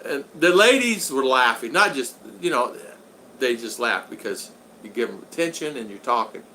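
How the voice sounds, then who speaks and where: A man hosting a casual live stream, reading viewer comments aloud with halting, repetitive phrasing and many thank-yous. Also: medium pitch, animated, sharp tone, slight background noise.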